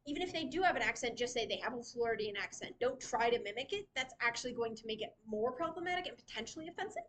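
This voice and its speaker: A woman's voice: on the high side, expressive, quick pace, fairly bright tone, rough recording. A woman leading a casual writing workshop in a library, chatty and laughing often as she teaches. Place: library meeting room.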